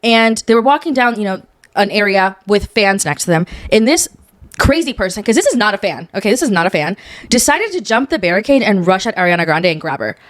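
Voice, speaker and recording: A woman's voice: mid-range voice, lively intonation, a little fast, no echo, studio quality. A young woman co-hosting a podcast, chatting casually and animatedly, swearing freely as she dishes gossip. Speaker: podcast co-host. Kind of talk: casual chat.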